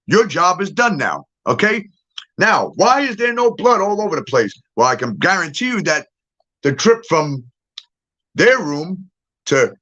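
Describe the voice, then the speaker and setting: A man's voice: high-pitched, a bit bright. A middle-aged man in a casual, profane ranting monologue, bluntly laying out his theory and keeping on asking "okay?". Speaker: true-crime commentator. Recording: dull lo-fi audio.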